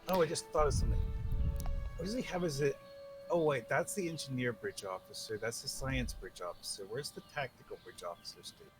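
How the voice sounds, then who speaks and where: A man's voice: medium pitch, a little fast, over music, rough recording. A man playing a game with friends, thinking aloud and correcting himself as he goes. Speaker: player in group. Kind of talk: casual gaming chat.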